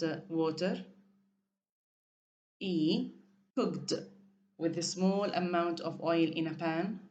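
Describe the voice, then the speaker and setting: A woman's voice: lowish voice, a little mellow, a little hiss or hum. A woman teaching an English vocabulary lesson, reading definitions aloud and drilling pronunciation.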